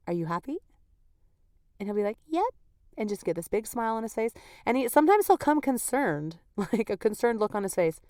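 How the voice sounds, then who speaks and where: A woman's voice: mid-range voice, a little mellow, no room sound, clean studio sound. A woman hosting a podcast in casual, candid chat, laughing often, her voice worn and not at full strength. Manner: chatty and candid, laughing often, with lots of "like" and "you know". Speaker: podcast host. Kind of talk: casual solo podcast talk.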